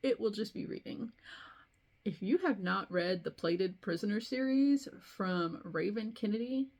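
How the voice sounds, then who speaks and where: Chatty woman with a gravelly edge. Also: mid-range voice, measured pace. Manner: chatty, animated storytelling with laughs. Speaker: crafting video host. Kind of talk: casual chat to camera.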